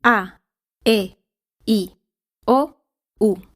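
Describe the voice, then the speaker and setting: A woman says single words one at a time as clear pronunciation examples. She takes her time, shaping each sound deliberately. The recording is dry and close. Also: medium pitch, no room sound. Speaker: pronunciation model speaker.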